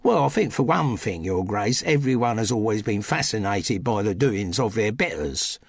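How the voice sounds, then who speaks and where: A man's voice: on the low side, expressive, normal speed, gravelly, slightly rough, no room sound, studio quality, full character voice. A man doing a cheeky Cockney housemaid. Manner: cheeky, chatty, practical. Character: cheeky young cockney housemaid, former music-hall player.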